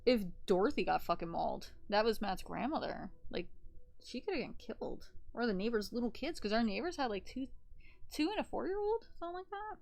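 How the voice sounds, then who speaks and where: A woman's voice: high voice, vocal fry. A woman in her thirties, a streamer, chatting casually and telling gossipy stories in a blunt, profane way while sewing a plushie by hand.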